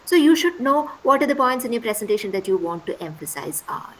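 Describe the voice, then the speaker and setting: Female workshop instructor, higher voice, patient, keeps checking with "right?", video call. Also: big pitch swings, brisk, low-quality recording. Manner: patient, repeats key points with "right?". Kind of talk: online class teaching.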